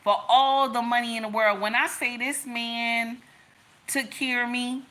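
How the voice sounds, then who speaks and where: Bright-voiced woman telling a story. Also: on the high side, fairly even intonation, unhurried. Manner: emphatic, repeats lines, calls listeners y'all and baby. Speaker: relationship advice speaker. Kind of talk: personal storytelling to an audience.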